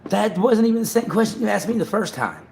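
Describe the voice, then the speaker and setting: A man hosting a livestream in casual chat, excitable and profane, repeating himself and talking over others. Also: high voice, fast talker, creaky, a little hiss or hum. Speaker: livestream host.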